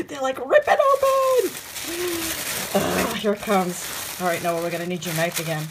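A woman chatting through a live unboxing, gushing and excitable, with gasps and squeals of delight. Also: fairly low pitch, moderate pace, noisy background. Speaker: crafting channel host.

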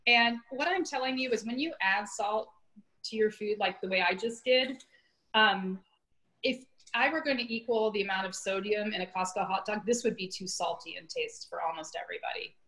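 A woman's voice: medium pitch, moderate pace, a bit bright, poor audio. Woman in her fifties, chef hosting a casual cooking demo from her kitchen, chatty, self-mocking, laughs a lot, video call audio. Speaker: chef teaching a cooking class. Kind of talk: casual live cooking demonstration. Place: home kitchen.

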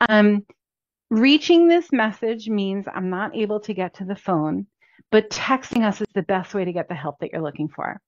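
A woman's voice: mid-range voice, moderate pace, dry recording. A woman who is a chiropractor, giving an upbeat, chatty lesson to practice owners and repeating the key points. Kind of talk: instructional talk. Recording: dull, dry lo-fi recording.

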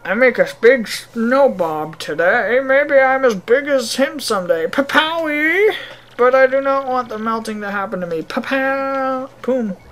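A woman voicing gruff male bomb villagers with a deliberately clumsy mock Russian accent, clipped and theatrical. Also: sits high, lively intonation, fairly bright tone, soft background music, voice pushed up. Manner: terse, clipped, theatrical, with "da" fillers.

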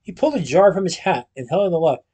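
A man reading a children's storybook aloud at a steady pace, occasionally restarting a phrase. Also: high voice, fast, slightly rough. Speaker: storybook reader.

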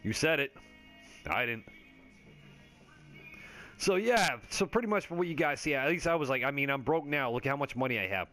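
A man's voice: mid-range voice, expressive, normal speed, long pauses, bright, forceful tone, soft background music. A man giving casual, rambling commentary over his gameplay, joking and swearing freely with lots of fillers. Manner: laid-back stoner chatter with frequent fillers. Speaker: gaming video creator.

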